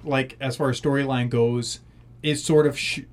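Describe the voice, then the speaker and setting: A man's voice: medium pitch, fairly even intonation, normal speed. A man co-hosting a podcast, telling rambling stories in casual chat and acting out what people said. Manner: rambling storyteller, many fillers, acts out quotes. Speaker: podcast co-host.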